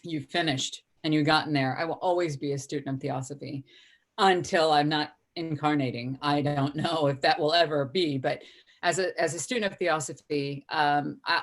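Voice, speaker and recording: Low-voiced woman hosting a live stream. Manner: earnest, chatty, reads viewer comments aloud. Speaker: host.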